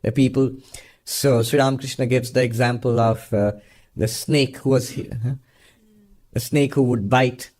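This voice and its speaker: Earnest monk teaching through a story. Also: male voice, mid-range voice, steady tone, moderate pace, darkish tone. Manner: earnest storytelling with frequent laughter. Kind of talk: spiritual Q&A talk.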